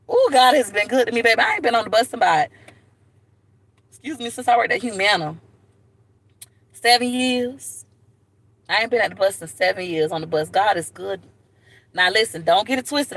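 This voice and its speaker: A woman telling stories to camera in a blunt, animated way, often calling viewers "baby". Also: medium pitch. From Florida, USA. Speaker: vlogger. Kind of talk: casual storytelling to camera.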